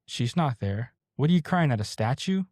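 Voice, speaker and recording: A man's voice: mid-range voice, animated, moderate pace, a little mellow, no echo, studio quality, lightly acted. A young man quoting his stern mother, who scolds her heartbroken son in a matter-of-fact way. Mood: scolding.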